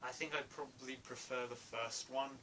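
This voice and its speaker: A man's voice: mid-range voice, steady tone, normal speed, bright, forceful tone. A man giving a casual spoken film review, hesitant, with many fillers and restarts. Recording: distant mic, faint room noise.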